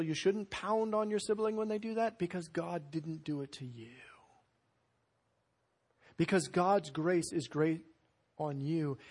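Male pastor, husky tone, lively storytelling sermon. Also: high voice. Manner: animated storytelling with sudden loud bursts.

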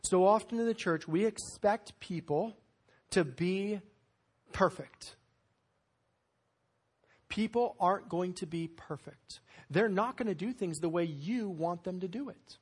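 Husky-voiced male pastor preaching. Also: high-pitched, takes it slowly, long pauses. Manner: animated storytelling with sudden loud bursts. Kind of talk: sermon.

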